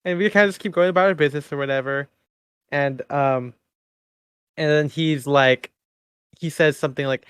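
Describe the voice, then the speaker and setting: A man's voice: mid-range voice, fairly even intonation, normal speed, fairly bright tone, clean tone, dry recording, clean studio sound. A young man co-hosting a podcast, telling a story in casual chat, acting out quotes and laughing often. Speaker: podcast co-host.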